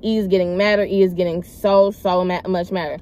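A woman's voice: lowish voice, brisk, smooth. A young woman vlogger chatting casually as she tells a personal story, emphatic and rambling, talking straight to her viewers. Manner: animated, emphatic retelling with loud acted quotes; slangy, rambling, addresses viewers as y'all.

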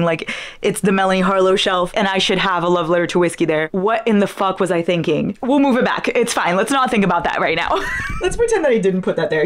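A young woman with a fairly low voice talks casually through her bookshelf at home. She is chatty and pokes fun at herself, now and then jumping into high excited squeals, and drifts nearer to and farther from the camera mic. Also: fast, a little hiss or hum. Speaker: book vlogger. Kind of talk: casual bookshelf tour chat.

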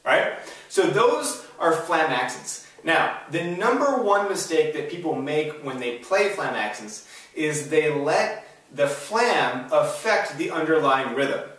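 A young man gives a drum lesson in an upbeat, explanatory way, checking in with the listener often. His voice sits a little high for a man. It rings heavily around a very echoey room, and he stands a bit back from the mic. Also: animated, slow, fairly bright tone, distant mic. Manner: upbeat, keeps checking in with "all right?" and "right?". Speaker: drum instructor.

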